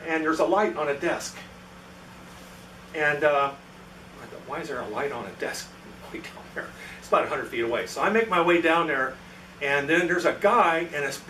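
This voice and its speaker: His slightly high voice sounds pushed and bright as he recounts an anecdote to a club meeting, voicing the characters' dialogue himself. He's a guest presenter heard through a faraway mic in an echoey meeting room, with a touch of hiss or hum.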